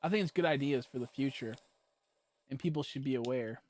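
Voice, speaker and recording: A man's voice: mid-range voice, a little fast, darkish tone. A young man chatting casually on a livestream, rambling and joking and laughing often as he talks. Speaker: streamer.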